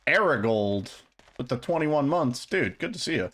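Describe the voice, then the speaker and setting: A man's voice: mid-range voice, expressive, normal speed, fairly bright tone. A young man streaming a game speedrun, chatting casually and loosely with viewers, rambling and swearing now and then.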